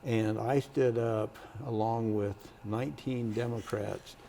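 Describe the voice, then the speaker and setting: A man's voice: fairly low pitch, fairly even intonation, takes it slowly, vocal fry, slight background noise. An older man, a former state senator, telling stories from his career in an oral history interview. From Kansas, United States. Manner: storytelling, acts out quoted voices loudly.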